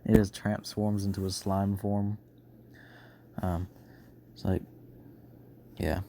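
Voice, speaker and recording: A man's voice: sits low, flat delivery, slow pace, creaky, dark tone, a little hiss or hum. A man casually retelling a fan story, rambling and correcting himself with many fillers.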